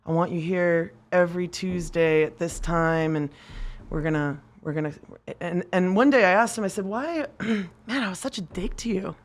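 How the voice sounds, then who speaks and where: Animated woman telling a story, lower voice. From United States. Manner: animated storyteller, acts out quotes, swears, laughs often. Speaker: podcast guest, machinist. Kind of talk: casual storytelling interview.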